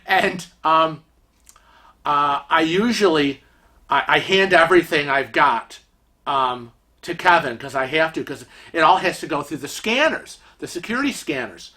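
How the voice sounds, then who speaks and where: A chatty man telling a travel story in a casual vlog, full of fillers and animated asides. His voice is bright and sits a little high. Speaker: vlogger.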